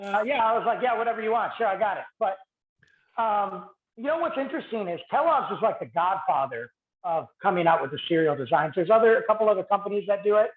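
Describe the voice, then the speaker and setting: A man co-hosting a podcast, chatting casually with quick asides and frequent laughs. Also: high-pitched, lively intonation. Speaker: podcast co-host. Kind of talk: casual chat. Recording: roomy, tinny phone-like sound.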